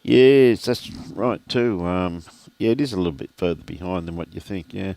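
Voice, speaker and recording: A deep-voiced older Australian man calls a lawn bowls match in an easy, chatty way, greeting viewers as he goes. His voice sits low and sounds dry and close to the mic. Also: normal speed, gravelly, mellow, no room sound. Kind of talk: live sports commentary. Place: outdoor bowls club.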